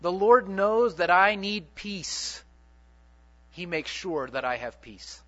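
A man preaching a sermon dramatically, repeating key phrases and swinging between loud and soft. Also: high-pitched, animated, slow pace. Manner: dramatic, repetitive preaching with big swings in loudness and pace. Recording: dull lo-fi sermon recording.

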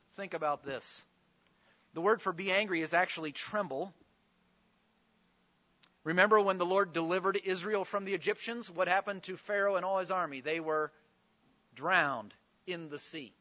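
A man's voice: high-pitched, pushed and bright, dull audio. A man preaching a sermon, explaining scripture with earnest, pleading emphasis.

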